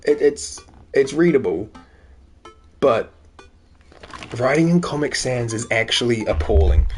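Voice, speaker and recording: A young male streamer chatting casually over a game, joking and poking fun at himself. His voice sits at a middle pitch, with quiet music in the background. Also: animated, a little slow. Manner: joking, self-deprecating, reads text aloud. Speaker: gaming streamer. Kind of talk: casual let's-play commentary.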